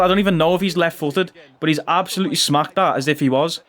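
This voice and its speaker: A man giving chatty gameplay commentary as a gaming YouTuber, bursting into loud cheers on goals. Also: on the high side, quick pace, hardly any pauses.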